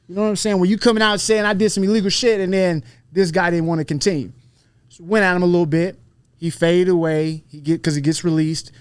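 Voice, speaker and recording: A man telling a story in casual podcast chat, profane and animated, acting out the people he quotes. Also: a little high, no echo. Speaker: podcast guest, fighter.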